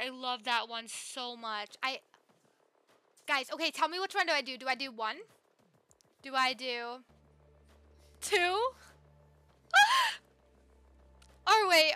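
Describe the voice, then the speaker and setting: A young woman live-streaming a game, gushing excitedly and chatting with viewers. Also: high-pitched. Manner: excitable, gushing, talks to chat.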